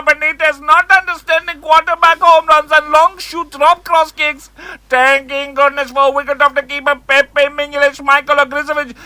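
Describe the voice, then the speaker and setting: A man's voice: very high voice, pushed and bright, dry recording, exaggerated voice, rough recording. A man doing a muddled fan caller. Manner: broken, jumbled English. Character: muddled male overseas football fan caller.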